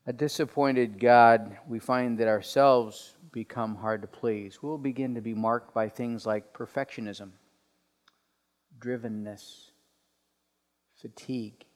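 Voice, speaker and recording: A man delivering a sermon as pastor, telling stories with lively put-on voices and dropping to quiet asides. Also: mid-range voice, takes it slowly. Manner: animated storytelling, drops to quiet asides. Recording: long reverb of a large hall.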